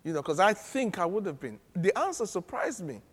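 High-voiced preacher in a reverberant hall. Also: male voice, brisk, breathy edge. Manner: animated and humorous, often laughing. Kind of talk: sermon. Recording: long reverb of a large hall.

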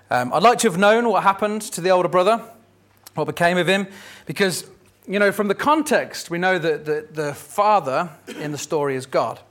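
A male pastor delivering a sermon in a relaxed, conversational way. His voice sits a little high, and he slips in small jokes as he retells a story. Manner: conversational, lightly humorous storytelling.

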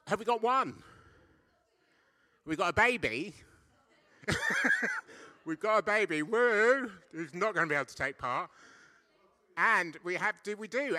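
Man preaching, middle-aged, very bright tone, chatty, playful, questions to the congregation. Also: fairly high pitch. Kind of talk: lively church sermon. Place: church service.

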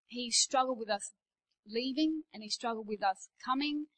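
A woman in her forties giving a conversational sermon to church leaders, telling personal stories, moving between hushed asides and emphatic declarations. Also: fairly high pitch, normal speed, low-quality recording. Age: 40s. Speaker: pastor speaking at a leadership day.

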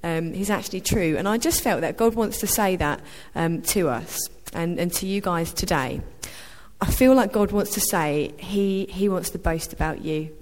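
A woman's voice: fairly low pitch, normal speed, darkish tone. A woman sharing a prophetic word with her church in an informal testimony, hesitant and full of ums. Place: church hall. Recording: reverberant church hall.

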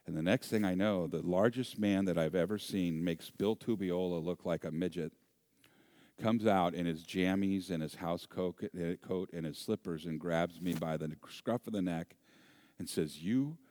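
A middle-aged man preaching a sermon, telling a personal story in an animated, humorous way and acting out voices and sounds. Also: sits low, normal speed, no echo. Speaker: pastor.

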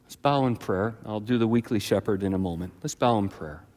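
A man preaching a sermon as pastor, telling a childhood story with lively acted-out voices. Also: brisk. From British Columbia, Canada. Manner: animated storyteller, jumps to high frantic voices when acting out his childhood self. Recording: long reverb of a large hall.

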